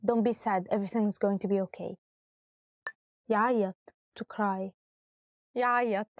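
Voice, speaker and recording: A woman's voice: medium pitch, steady tone, normal speed, no room sound, studio quality. A woman hosting a vocabulary lesson in an upbeat, instructive way. She says each word, repeats it, and gives its translation, switching between Arabic and English. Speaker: language teacher and host.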